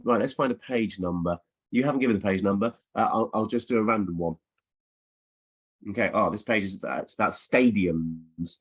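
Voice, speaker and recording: Over a video call from his home office, a middle-aged man who writes children's books chats casually with schools in his fairly low, slightly rough voice. The talk is a laid-back virtual Q&A with reading aloud, full of playfulness, ums, and restarts.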